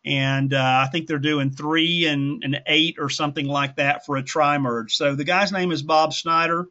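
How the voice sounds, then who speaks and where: Hosting a group call as its instructor, a man teaches in a folksy, rambling way and often corrects himself. His slightly high voice is steady, bright, and forceful at normal speed, though the call audio is dull and lo-fi.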